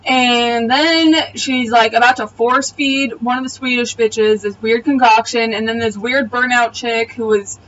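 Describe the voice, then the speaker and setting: A woman's voice: a little high, fairly even intonation, measured pace, hardly any pauses, fairly bright tone, recorded from a distance, dull audio. Blunt, profane woman recapping a show. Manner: blunt, profane, exasperated retelling. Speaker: TV episode reviewer. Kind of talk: casual video review recap.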